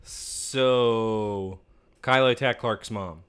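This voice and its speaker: A man's voice: lowish voice, drawn-out words, a bit bright, clear, resonant tone. A man co-hosting a casual podcast, recapping a TV episode and insistently arguing his theories. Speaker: podcast co-host.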